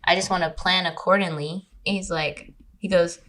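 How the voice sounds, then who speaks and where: A woman from California, a podcast guest, telling a dating story in casual, animated chat, with lots of swearing and mocking impressions of others. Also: fairly low pitch, moderate pace. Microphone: remote recording.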